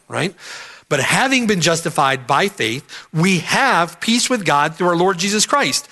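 Male preacher, high and bright voice, emphatic verse-by-verse sermon with lots of repetition. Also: lively intonation, unhurried. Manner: emphatic, repeats key phrases, asks "right?". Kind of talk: expository sermon.

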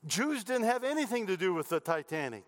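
A man's voice: high-pitched, sing-song, brisk. A man voicing a brusque, grudge-holding man in a joke, delivering the lines bluntly and dismissively.

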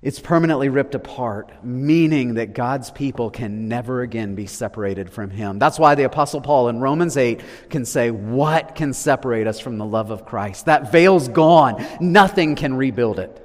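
A man preaching a sermon, swinging from loud declarations to hushed, low lines. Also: expressive, normal speed, few pauses. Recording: long reverb of a large hall.

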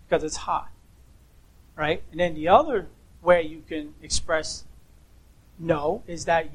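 A man's voice: high-pitched, lively intonation, a little slow, rough recording. A man preaching a sermon, emphatic and asking rhetorical questions, repeating key words for emphasis.

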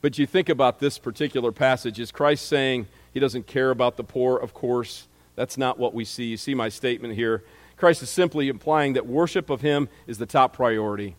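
A man's voice: medium pitch, moderate pace. Man preaching in a reverberant hall. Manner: conversational preaching, reads scripture aloud, frequent restarts. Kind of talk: sermon.

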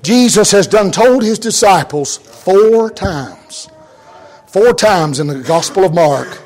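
An older man preaching a revival sermon in a fervent cadence, full of amens and hallelujahs, shouting at the peaks and dropping soft in between. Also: expressive, slow, low-quality recording. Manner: shouts at the peaks, drops low and soft in storytelling.

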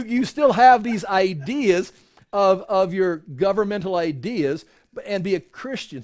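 A man's voice: high-pitched, darkish tone. A middle-aged man teaching from the Bible in a conversational sermon, acting out the voices in quoted exchanges. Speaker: pastor.

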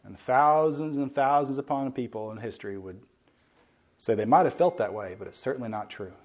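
In a medium-pitched voice, a male Bible teacher preaches a lesson, speaking with emphasis and slowing on key words. Now and then he breaks off for conversational asides to the people listening.

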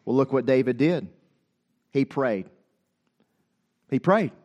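A man's voice: mid-range voice, expressive, slow, darkish tone, muffled recording. A man preaching a sermon with passion, talking straight to his listeners and acting out scripture voices. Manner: impassioned, calls out to listeners, quotes scripture in dramatic voices.

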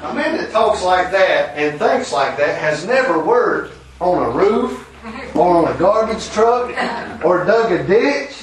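A man's voice: sits high, expressive, takes it slowly, long pauses, fairly bright tone, a little hiss or hum, rough recording. A man preaching a folksy sermon, acting out quotes and laughing between points.

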